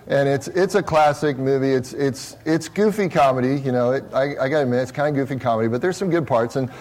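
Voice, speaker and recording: A man's voice: mid-range voice, quick pace, a little mellow. A man preaching a sermon in a small church, talking casually and conversationally with many repeated restarts. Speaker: pastor.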